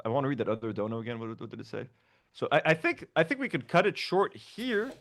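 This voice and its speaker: A man's voice: medium pitch, very animated, fast, vocal fry, fairly bright tone. A man co-hosting a casual live-streamed podcast, laid-back and laughing often as he reads out donations and thanks viewers one by one. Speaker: podcast co-host reading donations.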